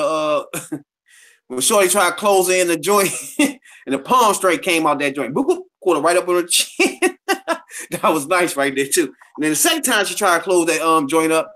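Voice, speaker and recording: A man's voice: a little high, a bit bright. A man co-hosting a podcast in a casual chat, talking in a loose, slangy way with lots of repeated filler phrases. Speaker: podcast co-host.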